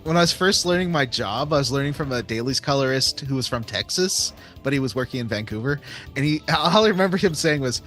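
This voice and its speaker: A man's voice: medium pitch, lively intonation, brisk, fairly bright tone, faint music behind. A man from Canada co-hosting a casual gameplay chat, chatty and teasing, telling stories. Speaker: co-host.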